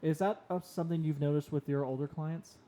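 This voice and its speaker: Young male podcast co-host, dark mellow tone, slightly higher voice, casual storyteller. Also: a little fast. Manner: storytelling, animated when quoting himself. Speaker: podcast co-host on the autism spectrum.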